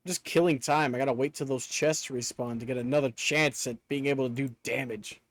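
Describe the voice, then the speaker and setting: A man streaming live in casual chat, excitable, swearing often and breaking into laughter. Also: mid-range voice, brisk.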